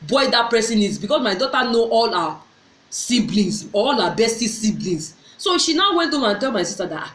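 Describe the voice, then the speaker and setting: A middle-aged woman speaks to her viewers in a fairly high voice, telling a personal story. She is earnest and often circles back to repeat or restart a phrase. The room around her is echoey. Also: big pitch swings, normal speed, a bit bright. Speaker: vlogger.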